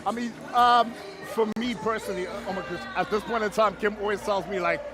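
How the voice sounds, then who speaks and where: A man, a former player turned co-host, talks fast and high with eager agreement. Music plays behind him at an outdoor stadium. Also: fairly even intonation, a crowd in the background. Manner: enthusiastic, quick affirmations. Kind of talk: pre-match show chat.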